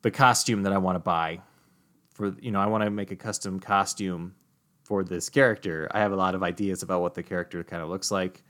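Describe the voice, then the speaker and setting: A man voicing an eager, excitable young male hanger-on who talks in a pleading, breathless way. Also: sits low, fairly quick.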